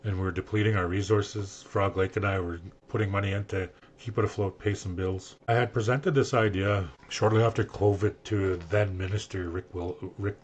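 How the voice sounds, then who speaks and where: An older man on a podcast, earnestly telling a personal story and acting out what people said to him, with a husky voice. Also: fairly low pitch, steady tone, normal speed, few pauses, slight background noise. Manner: earnest, emotional storyteller who acts out quoted speech. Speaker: guest sharing his story.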